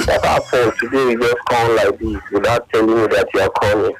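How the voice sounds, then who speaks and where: A Nigerian man calling in to a radio show, telling a halting, emotional story of lost love in pidgin-laced English. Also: lowish voice, fairly even intonation, soft background music, poor audio. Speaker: caller.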